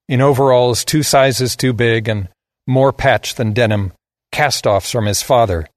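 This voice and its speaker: A man's voice: mid-range voice, no room sound, studio quality. A man giving a scripted narration of a story in a blunt, sardonic manner.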